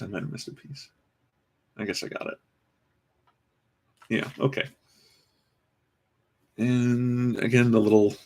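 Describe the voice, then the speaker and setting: A man's voice: mid-range voice, husky. A man casually commenting as he builds a toy kit, rambling with dry, self-mocking asides. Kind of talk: casual live-stream commentary.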